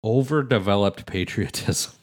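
A man's voice: on the low side, normal speed. Wry, jokey man in casual chat. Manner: wry, jokey, mock-indignant.

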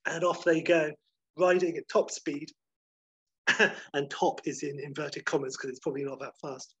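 A man's voice: on the high side, normal speed, pushed and bright, breathy edge, no echo. A man casually talking through a comedy scene, rambling with lots of "like" and "you know". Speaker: storyteller pitching a comedy scene. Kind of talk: casual spoken storytelling. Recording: slightly dull lo-fi recording.

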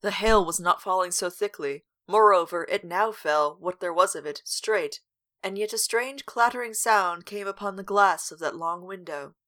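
A woman's voice: mid-range voice, moderate pace, sharp tone. A woman co-hosting a podcast, reading a gothic novel aloud with dramatic weight and breaking in with wry jokes. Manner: dramatic read-aloud broken by wry asides.

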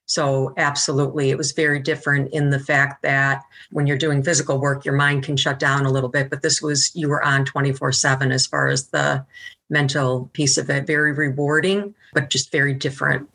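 A woman answering interview questions, recounting her experience with earnest feeling. Her voice is bright, with a gravelly rasp at the bottom, and her pitch stays quite even. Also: a little fast. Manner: earnest, heartfelt. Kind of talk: reflective conversational storytelling.

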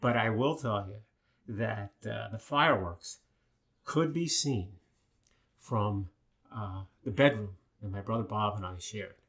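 Older man telling animated stories. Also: on the low side, takes it slowly. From Long Island, New York. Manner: animated storyteller with many fillers. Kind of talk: casual chat, storytelling.

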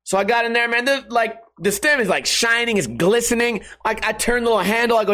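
A man's voice: very high voice, fairly quick, hardly any pauses, bright, forceful tone. A young man streaming from home, telling crude, rambling stories in casual chat and laughing at his own jokes. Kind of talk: casual profane monologue.

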